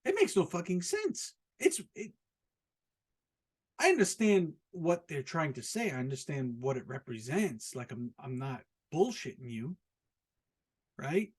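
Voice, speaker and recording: An American man talks through a loose, rambling podcast rant with a husky, slightly raspy voice. His pitch sits a bit high and swings widely as he keeps getting more incredulous. He swears freely and is quick to laugh at his own jokes. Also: very animated. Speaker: podcast host. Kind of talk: casual solo podcast rant. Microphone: podcast microphone, also filmed.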